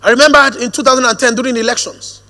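A man preaching a sermon, shifting from hushed storytelling to a firm, drawn-out preaching cadence. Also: extremely high pitch, steady tone. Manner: storytelling, drops to hushed quoted asides, then rises to a firm preaching cadence. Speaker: pastor. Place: church auditorium. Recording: long hall reverb.

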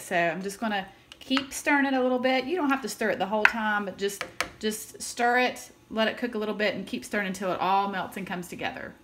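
A woman's voice: mid-range voice, background noise. A woman hosting her own cooking channel, talking viewers through a recipe step by step in a chatty, upbeat way with the odd filler. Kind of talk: home cooking demonstration.

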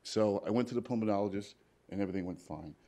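A man's voice: fairly low pitch, quick pace, dark tone. A man, a paramedic and cancer survivor, telling his personal story plainly to a live audience at a hospital event and retelling conversations as quoted dialogue.

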